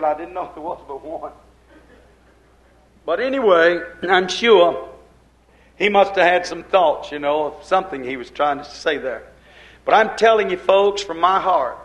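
A man preaching a fervent sermon, swinging between loud, urgent lines and quiet, low asides. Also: low-quality recording.

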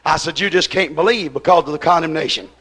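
A man's voice: fairly high pitch, fast talker, a bit bright, breathy edge. A man preaching a sermon in a folksy, emphatic way, retelling a conversation with one "I said" after another.

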